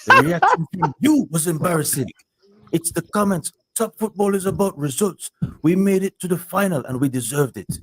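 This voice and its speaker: Male host doing a football manager bit: defensive, clipped, a touch high. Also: very animated, moderate pace, a bit bright, breathy edge, no echo, full character voice. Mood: indignant. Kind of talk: impression in a sports talk show.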